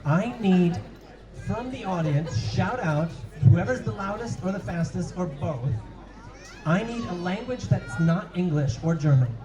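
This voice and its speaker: Male host at a fan event, chatty, high and animated, dull roomy sound. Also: measured pace, crowd noise. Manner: chatty, stumbling, repeats phrases. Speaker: event host and improv game leader. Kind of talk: live stage panel.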